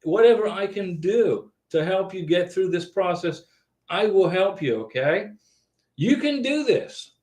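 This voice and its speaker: An older man in his sixties chats on a live stream in an earnest, folksy way, repeating himself and tagging his lines with "okay". His voice sits fairly high for a man. The room around him is echoey. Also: lively intonation, a little slow, a little mellow. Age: 60s. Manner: earnest, repetitive, folksy, tags lines with 'okay'. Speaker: host of an immigration advice live stream. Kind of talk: casual live-stream chat.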